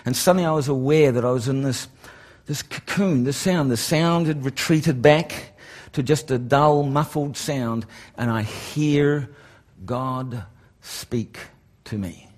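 Picture a middle-aged preacher with a fairly high voice, telling a personal testimony. He repeats phrases and builds to excited emphasis, full of animated storytelling. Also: measured pace.

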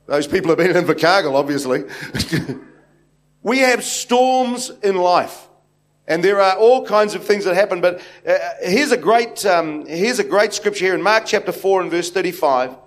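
A man's voice: high voice, lively intonation, moderate pace. A man from New Zealand with a New Zealand accent, preaching a sermon to a congregation in a rambling, anecdotal way full of fillers and restarts. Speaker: pastor. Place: church hall with congregation.

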